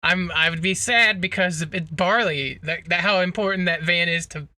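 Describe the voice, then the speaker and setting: Bright, sharp-toned man chatting. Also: high voice, normal speed, dry recording. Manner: profane, laughing, animated storytelling. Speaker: podcast co-host. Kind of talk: casual chat.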